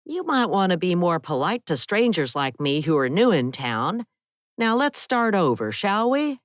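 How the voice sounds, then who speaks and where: A woman's voice: on the low side, very animated, measured pace, no echo, studio quality. A woman voicing a menacing gray-haired older man who is a pushy stranger making veiled threats, in an audiobook.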